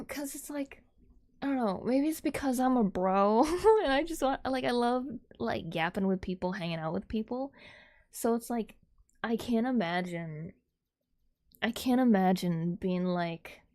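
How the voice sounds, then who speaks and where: A woman's voice: a little high, expressive, a little slow, pauses often, a little mellow. A woman livestreaming, chatting casually with her viewers in a rambling, giggly way, laughing often.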